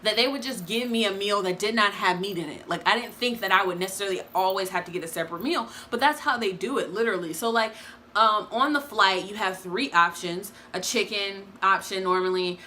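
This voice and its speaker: A young adult woman talking casually to her viewers in a review vlog, chatty and expressive, calling them y'all. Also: mid-range voice, fairly quick, a little hiss or hum. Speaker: vlogger.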